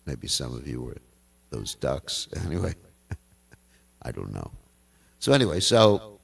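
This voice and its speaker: An older man with a low, gravelly voice tells scripture stories to a temple class. He talks in a loose, folksy way and chuckles between his asides. He is picked up from a distance in the hall. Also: sing-song, unhurried, pauses often. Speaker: class speaker.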